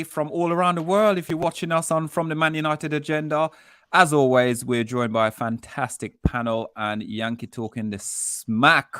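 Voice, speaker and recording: Male host, animated storyteller, dry close mic. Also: a little high, moderate pace, dry recording. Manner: animated storytelling, acts out quotes. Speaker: podcast host. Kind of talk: casual fan chat show.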